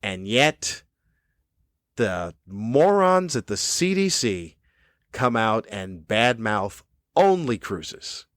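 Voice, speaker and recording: A man's voice: on the low side, big pitch swings, very slow, fairly bright tone, no room sound, clean studio sound. A man hosting his own podcast, a cranky comedian ranting angrily and swearing often. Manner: angry, profane, cranky. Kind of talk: ranting monologue. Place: cruise ship room.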